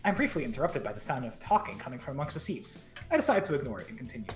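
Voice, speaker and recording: A man streamer reading a story game aloud, with quick jokey asides. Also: mid-range voice, faint music behind. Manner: fast, lively, joking asides. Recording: roomy echo.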